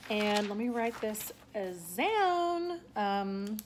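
A woman's voice: mid-range voice, lively intonation, extremely slow, slight background noise. A young woman chatting casually in a vlog, rambling with lots of fillers and restarts. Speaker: vlogger and aspiring content creator. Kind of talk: casual talking-head vlog.

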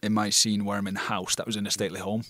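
A British actor telling stories as a guest in a casual interview, blunt and swearing freely. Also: male voice, fairly low pitch, flat delivery, quick pace, sharp tone, no room sound. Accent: non-RP British. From Britain.

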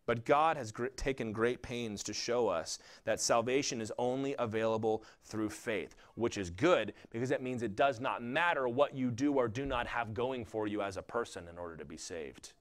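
A male pastor with a Southern US accent delivering a sermon, rising loud for emphasis and dropping low for quoted lines. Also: normal speed, hardly any pauses.

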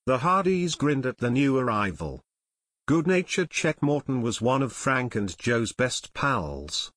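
Steady male audiobook narrator, dry. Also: mid-range voice, unhurried, dry recording. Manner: steady, even storytelling. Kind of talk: scripted narration.

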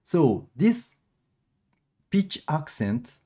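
A young man runs a live-streamed language lesson, switching between English and as he works things out aloud. His pitch swings widely, and his tone is dark and mellow. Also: sing-song, very slow, breathy edge. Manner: mixes English and Japanese, thinks aloud with restarts. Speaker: Japanese teacher.

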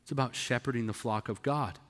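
A man's voice: mid-range voice, a little fast. A man preaching a sermon in a church, emphatic and conversational, acting out the voices of the people he describes. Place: church sanctuary. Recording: long reverb of a church hall.

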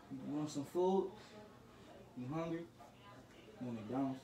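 A man's voice: fairly high pitch, big pitch swings, unhurried, long pauses, far from the mic, a crowd in the background. A man scolding his younger brother in casual talk, lecturing and swinging between stern and joking. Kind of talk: casual prank video talk. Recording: roomy, from off-mic.

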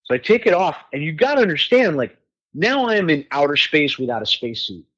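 A man guesting on a podcast, telling a story in casual chat, animated and swearing freely as he acts out other people's voices. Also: fairly high pitch, brisk, husky, lo-fi sound. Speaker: guest musician.

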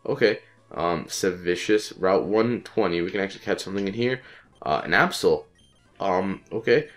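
A man's voice: fairly low pitch, animated. Sick-sounding young man cursing at a game. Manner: frustrated, swearing, repeats phrases in quick bursts. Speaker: gaming channel host. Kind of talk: casual let's-play commentary.

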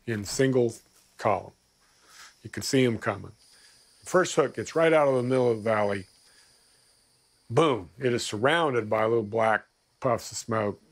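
An older man, a former army officer, recounting combat vividly in a documentary interview. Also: lowish voice. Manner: vivid, storytelling.

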